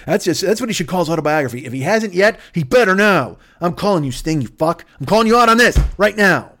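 Excitable, profane man riffing high and wild. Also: quick pace. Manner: profane, excitable, absurd tangents. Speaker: podcast host. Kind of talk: rambling comedic riff.

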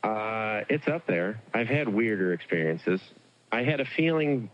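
A young man called on the phone as a guest, answering in a dry, wry, measured way. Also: on the low side, expressive, dull audio, slight background noise. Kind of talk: casual phone chat.

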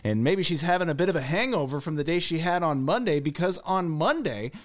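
A man, co-hosting a talk radio show and reading the news in a wry, deadpan, casual way. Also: a little high, a little fast. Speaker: news reader and co-host.

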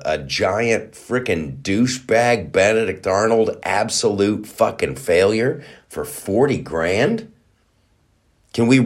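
A man's voice: low-pitched, a little mellow. A male podcast host delivering an indignant, profanity-laced political monologue, with frequent restarts and fillers.

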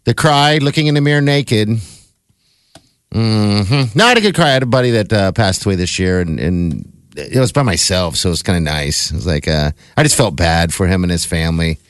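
A man co-hosting a radio talk show, excitable and emotional, jumping into the conversation often. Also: sits low, a little fast, no echo. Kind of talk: casual studio banter.

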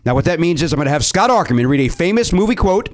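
A male host keeps a podcast game show rolling with quick, self-mocking jokes. His voice sits a touch high for a man and bounces all over the place. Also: sing-song. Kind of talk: comic game-show hosting.

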